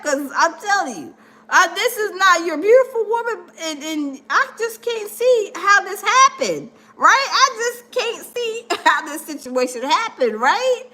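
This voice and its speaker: A woman's voice: very high-pitched, very animated, measured pace, sharp tone. A woman hosting a livestream, chatting casually and animatedly, reading viewer comments aloud and acting out the people she quotes. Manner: acts out quoted people in different voices. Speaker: livestream host.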